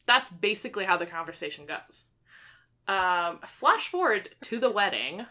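Bright-voiced young woman retelling a story. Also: medium pitch, expressive, moderate pace. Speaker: book reviewer. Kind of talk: casual chat.

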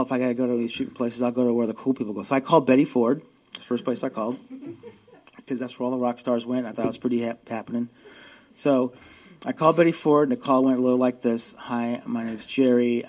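A man's voice: mid-range voice, a little mellow. Wry man telling a story at a meeting. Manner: wry, self-mocking storytelling, acts out both sides of dialogues. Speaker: AA meeting speaker. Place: meeting room.

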